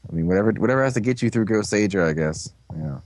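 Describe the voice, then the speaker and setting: A man's voice: on the low side, lively intonation, quick pace, darkish tone, dry recording. A young man co-hosting a casual recap podcast, rambling and crude with a sarcastic edge. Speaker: podcast co-host.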